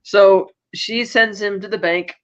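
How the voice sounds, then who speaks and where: A woman's voice: medium pitch, steady tone, measured pace. Lady podcast cohost rambling thru a tv recap, fillers everywhere, kinda muffled lo-fi audio. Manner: rambling recap with many fillers and quoted bits. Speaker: podcast co-host. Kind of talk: casual TV recap chat.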